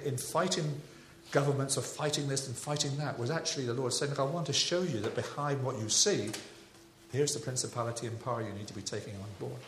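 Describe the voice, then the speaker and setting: Chatty preacher in an echoey hall. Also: male voice, mid-range voice. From England (Devon). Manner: chatty, anecdotal, with animated rises. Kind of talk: sermon. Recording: echoey hall with faint ambience.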